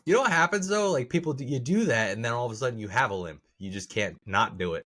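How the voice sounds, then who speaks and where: A man's voice: mid-range voice, animated, fast talker, fairly bright tone. A man co-hosting a podcast in casual chat, laughing often, stammering and restarting his sentences. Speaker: podcast co-host.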